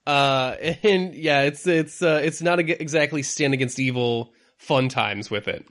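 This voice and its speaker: A man co-hosting a podcast in casual chat, rambling and halting, often breaking into laughter. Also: a little high, a bit bright. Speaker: podcast co-host.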